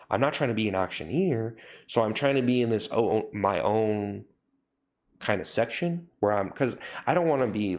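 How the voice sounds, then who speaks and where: Young man, low-pitched, rambling livestream chat, filler-heavy. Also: gravelly. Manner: rambling, self-correcting, says "like" and "you know" a lot. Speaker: livestream host. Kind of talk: casual livestream chat with viewers.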